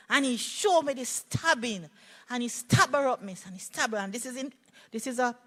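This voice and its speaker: Jamaican lady therapist, middle-aged, lively storytelling at a workshop, keeps asking the room if they get it. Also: fairly high pitch. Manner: animated storyteller, checks in with the audience. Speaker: play therapist presenting a workshop. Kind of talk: conference workshop talk.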